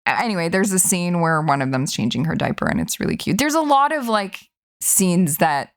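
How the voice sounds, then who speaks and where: Blunt woman with a lively, lowish voice. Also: a little fast. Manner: blunt, swears casually. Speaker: podcast guest. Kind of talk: casual film discussion.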